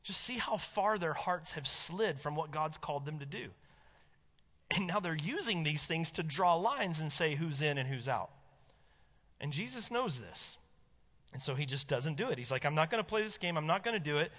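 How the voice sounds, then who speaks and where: Bright, emphatic male preacher in a hall. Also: moderate pace. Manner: animated, emphatic preaching, dropping low for stress. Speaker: pastor. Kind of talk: sermon.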